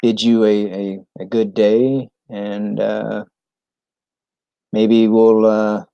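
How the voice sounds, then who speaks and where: A man from New England chatting casually on a live stream, halting and full of ums and restarts. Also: lowish voice, little pitch movement, gravelly, clear, resonant tone, no room sound, dull audio.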